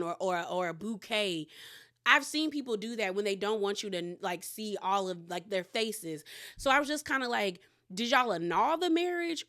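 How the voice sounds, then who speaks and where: A woman casually recapping a reality TV episode, retelling scenes in a chatty, animated way. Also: medium pitch.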